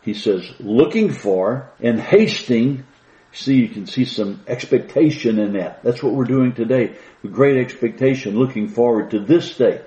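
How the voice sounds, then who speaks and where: A man preaching a sermon, slowing down and lifting his voice to stress the scripture he reads. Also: mid-range voice, mellow, echoey room, highs cut off. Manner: slow, emphatic reading of scripture with rising stress.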